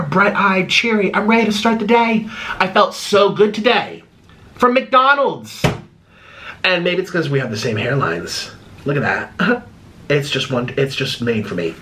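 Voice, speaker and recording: A man hosting an eating vlog at home, chatting casually while he eats, swinging between bubbly high exclamations and low mumbled asides. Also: pushed and bright, a little hiss or hum. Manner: chews and talks while eating. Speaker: mukbang host.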